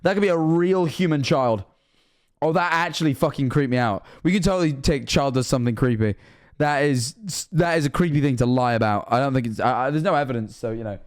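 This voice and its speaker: A young man reacting to videos on stream, animated and joking, swearing often. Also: medium pitch, brisk.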